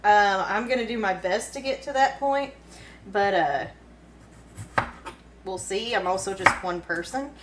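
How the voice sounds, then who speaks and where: A woman's voice: mid-range voice, unhurried, long pauses, background noise. A woman with a Kentucky accent, chatting and giggling casually as she cooks in her home kitchen for a cooking vlog. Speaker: cooking vlogger.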